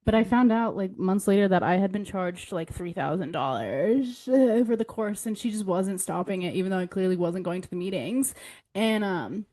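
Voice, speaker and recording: A young woman with a warm, mellow voice chats candidly on a podcast, trailing her sentences with "like" and mimicking the people in her stories. The sound is close and dry, with no room around her. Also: mid-range voice, animated, normal speed, no room sound. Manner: candid storytelling, many "like"s, mimics others in quotes. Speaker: podcast co-host. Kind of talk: casual chat.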